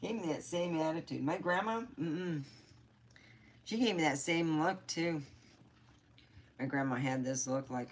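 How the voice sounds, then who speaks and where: A middle-aged woman talks unhurriedly in a low voice, rambling through a casual livestream chat. She is candid and loose, cursing freely as she goes. It sounds like a phone or webcam mic. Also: unhurried, long pauses. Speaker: livestream host.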